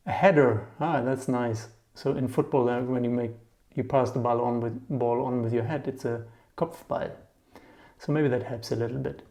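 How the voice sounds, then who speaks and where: With a medium-pitched voice, a man chats his way through a relaxed lesson on German vocabulary. Memory tricks help him explain the words, and he keeps checking understanding with a short "yeah?"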